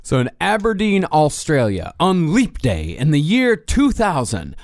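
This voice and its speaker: A man relays case details on a comedy podcast, matter-of-fact but with a lively, shifting pitch. His voice is close and dry, with no room around it. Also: a little slow, no room sound. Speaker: podcast co-host, researcher. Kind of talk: casual comedic chat.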